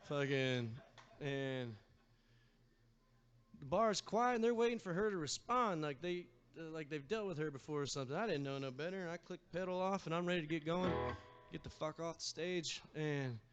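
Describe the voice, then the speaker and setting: A man's voice: on the high side, clear, resonant tone. A man, a singer-guitarist, telling a loose, swearing story on stage between songs at a live bar show. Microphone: stage vocal microphone. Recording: slightly dull live-stream sound with guitar.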